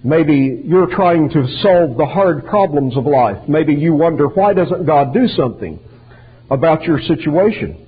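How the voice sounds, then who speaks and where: Husky male preacher, tinny recording. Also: animated, measured pace. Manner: earnest, quotes scripture in old-fashioned wording, rising in pitch on quotes. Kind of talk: sermon. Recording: muffled phone-like recording.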